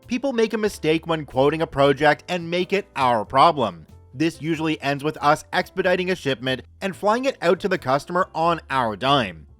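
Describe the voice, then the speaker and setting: A man's voice: on the high side, fairly bright tone. A man reading a scripted story aloud with a dry, wry storytelling manner, close to the mic. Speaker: story narrator.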